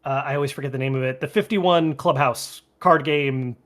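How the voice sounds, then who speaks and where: A man's voice: medium pitch, moderate pace, a bit bright. A man co-hosting a video game podcast, chatting casually and rambling with lots of filler words. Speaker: podcast co-host. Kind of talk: casual chat.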